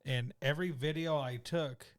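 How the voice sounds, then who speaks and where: Lively man acting out stories. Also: a little high, moderate pace. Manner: animated storyteller acting out dialogue. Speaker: podcast co-host. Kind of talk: casual chat. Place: podcast studio.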